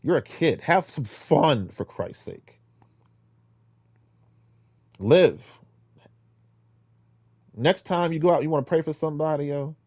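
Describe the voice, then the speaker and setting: A man's voice: slow, long pauses, no room sound. Rambling man preaching in a dry room. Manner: rambling, exhorting, with many restarts; swings between loud emphatic bursts and low muttering. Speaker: vlogger giving street-preaching advice. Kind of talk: casual preaching monologue.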